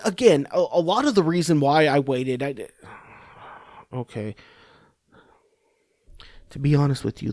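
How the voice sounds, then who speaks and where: A man holds forth on his podcast in a loose, sarcastic rant, cursing freely and tripping over his own restarts. His voice sits at an ordinary middle pitch for a man. The sound is dry and close, with no room echo. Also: a little mellow. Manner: profane, rambling, sarcastic, full of restarts. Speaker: podcast host. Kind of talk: ranting political commentary.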